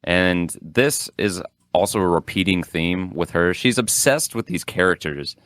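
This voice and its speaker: A man's voice: sits low, measured pace, no echo, studio quality. A man co-hosting a podcast, telling stories in a rambling, casual way with lots of fillers. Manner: rambling, animated storytelling with frequent fillers. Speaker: podcast co-host. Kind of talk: casual chat.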